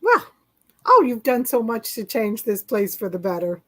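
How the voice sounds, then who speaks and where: A woman reading the part of a gentle, sentimental wife who speaks softly and wistfully in a live script reading. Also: fairly high pitch, sing-song, moderate pace, exaggerated voice. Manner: soft, fluttery, wistful.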